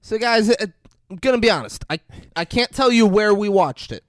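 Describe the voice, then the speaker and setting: A young man with a fairly high, lively voice trades crude jokes with a friend on a podcast. He laughs a lot, swears freely and slips into goofy character voices, recorded dry and close on a studio mic. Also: brisk, dry recording. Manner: profane, laughing, jumps into silly put-on voices. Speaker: podcast co-host. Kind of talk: crude comedic movie-review banter.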